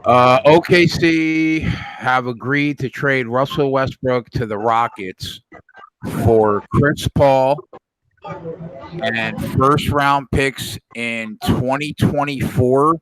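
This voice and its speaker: A man in an easygoing sports chat who stays calm and measured. He reads out trade updates in a steady, plain voice and answers the other host's rants without raising it. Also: medium pitch, rough recording. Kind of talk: casual sports betting chat.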